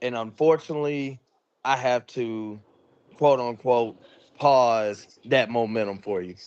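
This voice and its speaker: A man's voice: mid-range voice, unhurried, a little mellow, clear, resonant tone, lo-fi sound. A man on a wrestling panel boasting in cocky, swearing trash talk.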